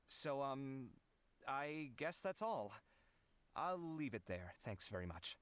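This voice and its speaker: Weary young architect, hesitant, sighing, lively intonation, video game. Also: male voice, medium pitch, slow, slight background noise. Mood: tired. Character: weary young male architect, modest, drained. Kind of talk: game cutscene voice acting.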